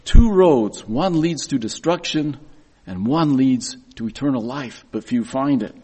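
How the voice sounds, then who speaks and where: A man's voice: mid-range voice, a little slow, a little mellow, husky. A middle-aged man giving a sermon, telling personal stories in an earnest way and often repeating words as he goes. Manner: earnest storytelling with frequent word repeats.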